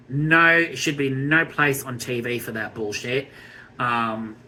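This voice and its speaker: An Australian man giving a blunt, scornful TV review rant, swearing freely and filling pauses with ums. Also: medium pitch, bright, forceful tone, slight background noise, poor audio. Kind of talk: ranting review vlog.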